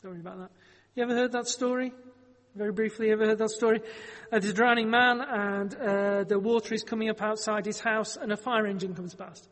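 A man's voice: high voice, level tone, a little fast, fairly bright tone, long reverb tail. A man preaching a sermon, telling a Bible story in a conversational way with wry joking asides.

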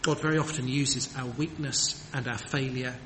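With a medium-pitched, fairly bright voice, fairly even intonation, and normal speed, a man delivers an earnest, emphatic sermon full of rhetorical questions. Long hall reverb and faint background noise color the recording.

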